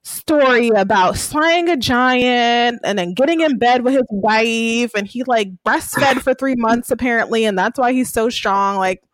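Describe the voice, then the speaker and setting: A woman's voice: a little high, a little slow, hardly any pauses, dry recording, poor audio. A woman hosting a casual podcast, recapping an episode in a chatty storytelling way with lots of fillers and frequent laughter. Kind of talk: casual chat.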